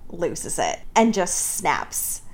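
A woman co-hosting a casual chat, recapping scenes with lots of laughter and quick mock character voices. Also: on the low side, huge pitch swings. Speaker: podcast co-host. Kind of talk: casual book discussion chat.

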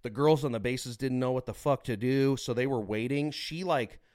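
A man co-hosting a podcast, telling a long story in a casual, animated way with plenty of swearing. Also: mid-range voice, normal speed. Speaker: podcast co-host.

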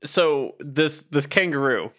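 A man's voice: a little high, animated, slow, a bit bright. A man in a casual, comedic podcast chat, asking questions with a chuckle and poking fun at himself. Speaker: podcast co-host.

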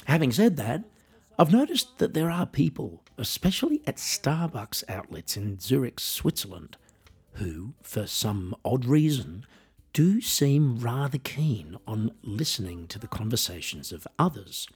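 A man's voice: medium pitch, very animated, unhurried, darkish tone, husky. An Australian man hosting his own podcast, delivering a wry, self-deprecating scripted monologue. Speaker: podcast host and musician.

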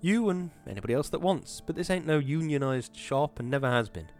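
A man voicing a loud, taunting male factory foreman who barks his orders. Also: a little high, expressive, brisk, soft background music, voice pushed up, lightly acted. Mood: bossy.

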